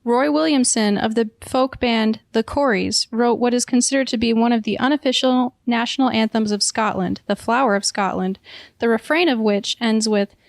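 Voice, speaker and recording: A woman co-hosts a podcast trivia game with upbeat, laughing banter. Her voice sits a little high and sounds dry and close to the mic. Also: gravelly, no room sound. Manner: upbeat, laughing, explains rules. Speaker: podcast co-host running the quiz. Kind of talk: casual game-show banter.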